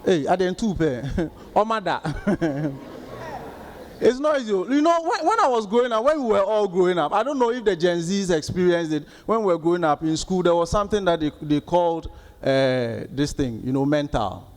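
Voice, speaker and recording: A man in his thirties with a Ghanaian accent doing stand-up comedy, telling stories in an animated way and acting out the outbursts of others. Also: sits high, moderate pace.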